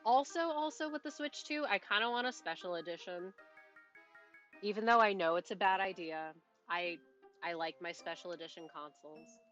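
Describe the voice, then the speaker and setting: A woman streaming a game live, chatting casually and rambling, often cutting herself off and laughing softly. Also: fairly low pitch, normal speed, faint music behind. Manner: rambling, self-interrupting, chatty with little laughs. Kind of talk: casual live-stream chat while playing.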